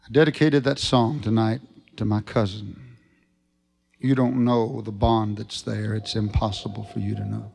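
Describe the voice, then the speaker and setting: A man preaching a revival sermon, folksy and storytelling, rising to shouted fervor. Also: on the low side, fairly even intonation, normal speed, gravelly, husky. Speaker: evangelist preacher.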